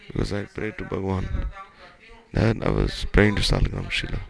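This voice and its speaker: A man's voice: sits low, little pitch movement, moderate pace, gravelly, low-quality recording. A man retelling devotional stories loosely and repetitively, acting out the characters' dialogue as he goes. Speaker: devotional storyteller.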